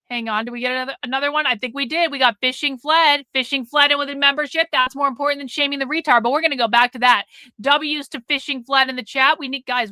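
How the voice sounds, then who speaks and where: A woman's voice: high-pitched, bright, forceful tone, no room sound. A woman hosting a live stream, chatting casually with viewers in a blunt, profane way and nagging them toward a goal. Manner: profane, blunt, nags the chat.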